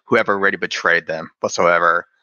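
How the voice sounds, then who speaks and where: A man with a lowish, bright, forceful voice chats casually about a show. His speech leans on "I mean" and "you know." The sound is dull and lo-fi. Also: steady tone, fairly quick, dry recording. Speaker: podcast panelist. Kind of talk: casual fan discussion.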